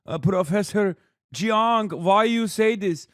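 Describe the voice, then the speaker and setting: A man putting on a gushing, overeager male fan of a lecturer, speaking slowly and pleadingly. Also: high-pitched, dry recording, studio quality, pitched above the performer's own voice. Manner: slow, mock-pleading.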